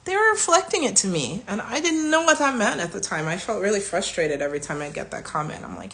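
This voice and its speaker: A woman around forty, talking candidly and warmly about her self-healing in a casual vlog, sometimes dropping to a soft whisper. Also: mid-range voice, sing-song, quick pace, hardly any pauses. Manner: chatty, candid, self-affirming. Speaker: vlogger.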